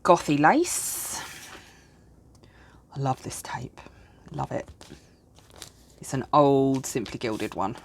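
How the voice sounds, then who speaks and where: This planner vlogger, a woman in her thirties, is worn out and yawning as she crafts at home, chatting casually and poking fun at herself. She speaks in a very deep, expressive voice, slowly and with long pauses.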